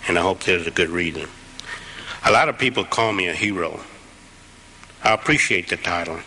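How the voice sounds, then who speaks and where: A man's voice: low-pitched, sharp tone, a little hiss or hum, low-quality recording. A middle-aged man, a veteran speaking to an audience, retelling his war story in an earnest, plain-spoken, heartfelt way.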